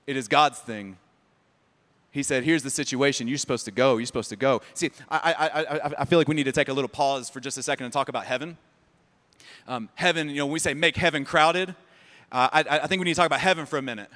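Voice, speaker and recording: Male pastor, high bright voice, animated sermon, long hall reverb. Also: fast talker. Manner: animated, joking and sarcastic, repeats words. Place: church sanctuary.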